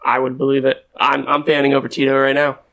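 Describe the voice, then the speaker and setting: A man's voice: mid-range voice, monotone, fast talker, creaky, fairly bright tone. A man guest on a podcast, trading joking banter in casual chat.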